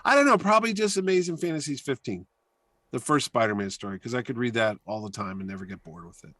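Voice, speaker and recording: This mid-range male voice talks fast and sounds animated as he works through anecdotes in a casual storytelling interview. He organizes comic conventions, hosts a weekly radio show, and appears here as a podcast guest, recorded dry.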